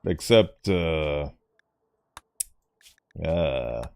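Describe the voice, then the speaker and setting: A man's voice: extremely low pitch, animated, extremely slow, a little mellow. A man giving casual gameplay commentary with theatrical, mock-grand asides. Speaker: gaming YouTuber.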